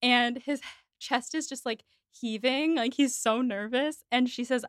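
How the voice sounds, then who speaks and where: Woman podcast host, clear resonant voice, dry close mic; casual animated recap. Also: a little high, unhurried, no room sound. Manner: animated, quotes characters' lines in recap. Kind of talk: casual chat.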